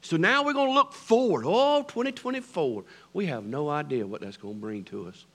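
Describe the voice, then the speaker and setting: Man preaching with a southern accent, high voice, lively pitch, loud calls dropping to hushed whispers. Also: brisk. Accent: Southern American. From American South. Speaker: pastor. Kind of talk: sermon.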